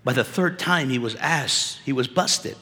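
A man preaching a sermon at a conference, animated and conversational, dropping casual slang as he talks to the crowd. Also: mid-range voice, a little slow. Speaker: conference speaker. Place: conference hall. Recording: echoey hall reverb.

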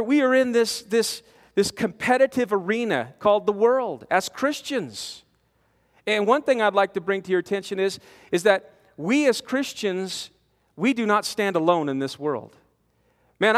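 A man preaching a storytelling sermon, animated, with stammering restarts, swinging from loud to hushed. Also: high voice. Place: large conference hall. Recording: long reverb of a conference hall.

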